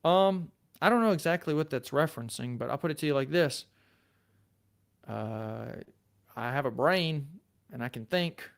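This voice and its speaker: Southern-accented man with a gravelly yet smooth voice. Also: fairly high pitch, normal speed. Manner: relaxed, chatty, self-deprecating. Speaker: lawyer and channel host. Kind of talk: casual livestream chat reading comments.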